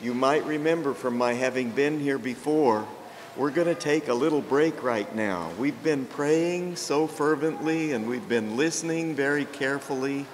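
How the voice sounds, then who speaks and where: An older man, a priest, preaching a sermon with jokes, told in a slow and gentle storytelling way. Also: mid-range voice. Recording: long reverb, faint background noise.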